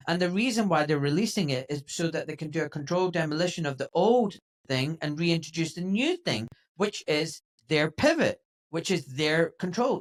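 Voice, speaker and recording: Emphatic male podcast host. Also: fairly high pitch. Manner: emphatic, animated when mimicking others. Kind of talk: casual conversational podcast talk.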